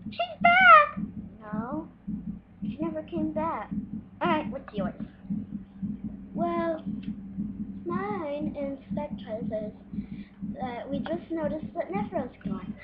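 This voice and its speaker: Woman, high bouncy voice, unhurried, playful doll-play voices, muffled home recording, loud background noise. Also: animated. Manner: playful, switches between character voices with squeals and gasps. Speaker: doll-play video maker. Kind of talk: improvised doll play, voicing several characters.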